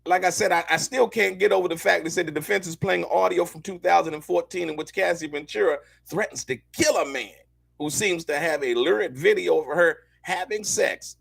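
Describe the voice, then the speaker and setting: Guy with a high gravelly voice doing live commentary, slangy, keeps talking to viewers. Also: no echo. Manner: loose, slangy, repeats himself, addresses viewers directly. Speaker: host of a commentary show. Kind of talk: live commentary on court news.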